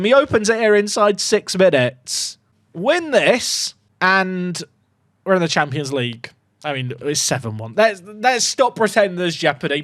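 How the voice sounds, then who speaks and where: A man commentating his own football management game for viewers, muttering asides and bursting into excited shouts. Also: high-pitched, measured pace, dry recording, clean studio sound. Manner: swings between mumbled asides and excited shouts. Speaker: video game streamer.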